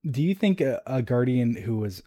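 Mellow-voiced man chatting casually. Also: medium pitch, expressive, moderate pace, dry recording, studio quality. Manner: rambling with many fillers and restarts. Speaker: podcast co-host discussing game lore. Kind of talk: casual chat, reading lore entries aloud.

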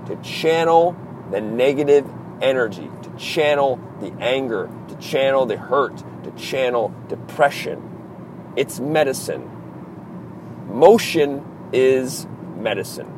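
A man's voice: medium pitch, animated, slow pace. A man from Maryland with an East Coast American accent, hosting a motivational podcast with intense, driven delivery and emphatic repetition, recording from a car in traffic. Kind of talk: motivational monologue.

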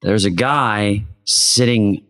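A man's voice: slow pace, fairly bright tone. A young man co-hosting a podcast, telling stories in casual chat and swearing freely. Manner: swears a lot, tells stories in a low drawl. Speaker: podcast co-host.

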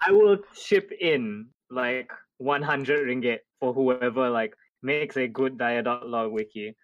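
A man's voice: medium pitch, slow pace, dry recording, muffled recording. Wry joking podcast man, dry sound. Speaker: podcast co-host. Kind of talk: casual chat.

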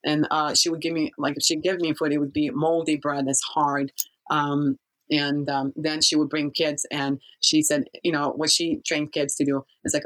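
A woman telling her own story as a guest in an interview, speaking haltingly with many pauses and restarts. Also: low voice, flat delivery, fairly bright tone, low-quality recording.

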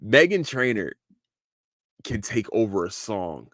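A podcast host talking casually in a loose, profane solo rant, with lots of restarts. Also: male voice, fairly low pitch, a little slow, no echo, clean studio sound. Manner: animated, profane, repeats and restarts a lot.

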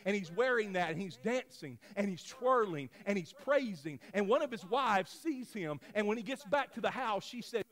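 A pastor in his thirties preaching a sermon, moving from quiet storytelling to loud, shouted exhortation. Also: high voice, animated, moderate pace, hardly any pauses. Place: church sanctuary.

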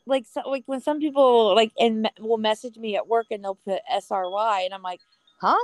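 A woman from the American Midwest co-hosting a podcast, animated and acting out little quotes as she talks. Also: fairly high pitch, fairly quick. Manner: animated storyteller, acts out quotes. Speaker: podcast co-host. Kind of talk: casual chat.

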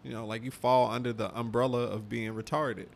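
A man's voice: mid-range voice, fairly even intonation, brisk, creaky, background noise. A young man co-hosting a podcast, rambling in a loose, profane casual chat full of "like" and "man". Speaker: podcast co-host.

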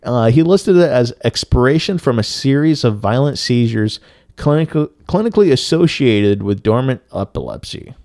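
A man's voice: medium pitch, lively intonation, normal speed, darkish tone, no echo, clean studio sound. A man co-hosting a podcast, telling a story in a loose, profane way with lots of filler words. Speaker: podcast co-host. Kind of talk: casual storytelling chat.

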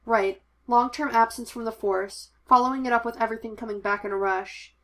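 A woman's voice: on the high side, fairly even intonation, fairly quick, lightly acted. A woman voicing a young male Jedi knight who talks firmly and reassuringly, in an audiobook of fan fiction. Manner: firm, commanding, reassuring. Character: firm, steady young man, Jedi knight.

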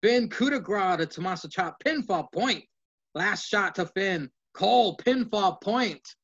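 A man co-hosting a casual podcast, reading through his notes in quick play-by-play and swearing now and then. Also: on the high side, a bit bright. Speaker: podcast co-host. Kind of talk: casual wrestling recap from notes. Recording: dull lo-fi sound.

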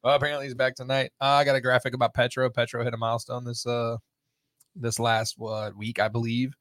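A man's voice: mid-range voice, flat delivery, brisk, a bit bright, dry recording. Rambling, laughing man host, dry mic. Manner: rambling, laughs often, heavy filler words. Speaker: podcast host. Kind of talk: casual chat.

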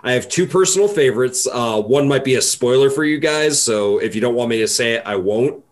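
A man co-hosting a casual podcast over a video call, excitedly retelling video game scenes with swearing and silly voices. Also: medium pitch, fairly quick. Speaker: podcast co-host.

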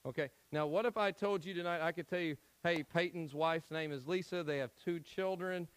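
A man's voice: a little high, normal speed, clear, resonant tone, no room sound, poor audio. Man from Tennessee preaching conversationally. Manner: conversational preaching with frequent "okay?" check-ins. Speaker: pastor. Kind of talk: evening Bible study sermon.

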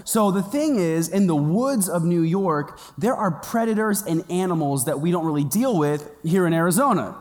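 A man's voice: sits high, lively intonation, normal speed, few pauses, darkish tone, in a large hall. A man preaching a sermon as a pastor, telling a funny personal story and acting out the voices in it. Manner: humorous storytelling with quoted voices. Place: church auditorium.

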